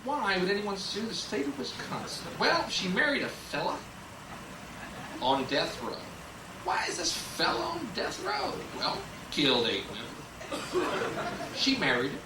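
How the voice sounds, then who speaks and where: A sardonic young male comedian works the stage with a lively, swooping delivery, pitched a touch high. The tape sounds roomy and distant, with a loud hiss running under everything. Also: unhurried. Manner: sardonic, shifts into mocking mimicry. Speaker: stand-up comedian. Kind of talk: stand-up routine. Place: comedy club stage before a laughing audience.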